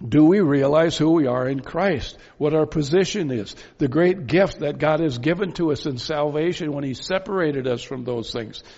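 A man preaching a sermon, pressing his points with emphatic rhetorical questions and slow, stressed phrases. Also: a little high, darkish tone. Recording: dull lo-fi sound with long reverb in a hall.

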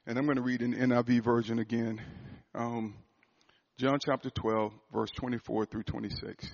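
A man's voice: medium pitch, little pitch movement, normal speed, gravelly, highs cut off. A middle-aged man preaching a sermon, emotional and laughing often as he tells stories.

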